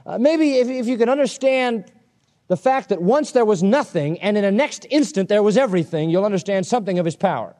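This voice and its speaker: A man's voice: sits high, fairly quick. A man preaching an expository sermon, emphatic and conversational, telling stories from his own life. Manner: animated, emphatic, conversational storytelling.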